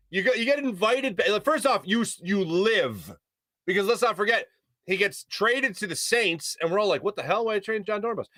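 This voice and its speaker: A male sports radio host, telling a story on air in an animated way. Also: high-pitched, no room sound. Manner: animated storyteller, mimics shouting voices. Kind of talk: storytelling on a sports talk show. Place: radio studio.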